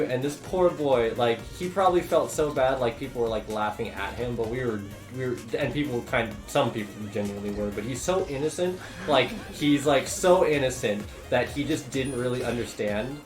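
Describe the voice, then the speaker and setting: A man's voice: medium pitch, expressive, a little fast, few pauses. Swearing young man telling stories. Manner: rambling storyteller, swears, laughs often. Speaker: streamer. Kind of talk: casual chat while gaming. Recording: echoey room with game music.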